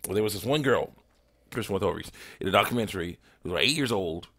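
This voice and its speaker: A man's voice: low voice, expressive, fast, fairly bright tone. A man hosting an online ministry talk, rambling casually through chat messages, chuckling often, with many fillers.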